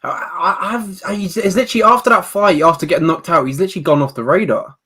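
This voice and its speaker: A man co-hosting a live MMA preview show, quickly rattling off fighters, records and matchups. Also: high voice, sharp tone, slightly rough. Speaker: podcast co-host. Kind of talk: casual MMA chat.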